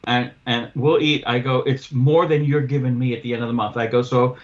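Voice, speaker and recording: This man talks fairly quickly in a medium pitch, and the audio's highs are cut off. A window cleaner hosting a casual podcast, he delivers a lengthy story about losing a cleaning client, cursing liberally and animatedly performing both sides of the dialogue.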